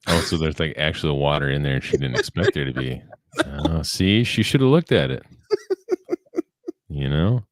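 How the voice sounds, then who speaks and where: A man in casual podcast chat, talking in a deadpan monotone. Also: extremely low pitch, moderate pace, no echo, clean studio sound. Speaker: podcast co-host.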